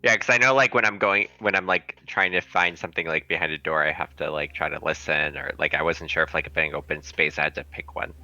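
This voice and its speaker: Deep, bright-toned man asking game questions. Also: steady tone, fast, few pauses, no echo, highs cut off. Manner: hesitant, asking rule questions. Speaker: player. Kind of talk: casual tabletop game talk.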